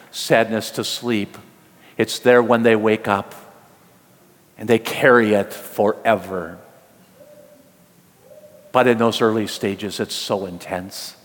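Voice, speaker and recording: Slow earnest male preacher in a hall. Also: mid-range voice. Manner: earnest, emotive storytelling with rising emphasis. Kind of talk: sermon storytelling. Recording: long hall reverb.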